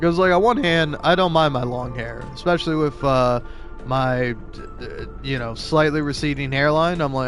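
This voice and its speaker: A man's voice: fairly high pitch, moderate pace, a bit bright, faint music behind. A man in his twenties, a gaming streamer who chats casually, rambling and stammering and laughing often. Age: 20s. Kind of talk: casual chat while playing.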